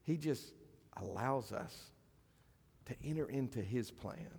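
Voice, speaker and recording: A male pastor preaches to his congregation in a relaxed, conversational way, stretching out key phrases and letting some fall soft. His voice sits at an ordinary male pitch. Long reverb from the church sanctuary trails behind each line. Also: vocal fry, husky. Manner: conversational preaching, slows for emphasis, drops to near whisper. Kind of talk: sermon.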